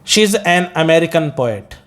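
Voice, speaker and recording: A man's voice: on the high side, lively intonation, normal speed, a bit bright. A man with an Indian English accent teaching poetry as an English teacher, breaking ideas down step by step, asking questions and answering them himself, with many "uh"s and "okay?" checks. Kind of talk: classroom lecture on poetry.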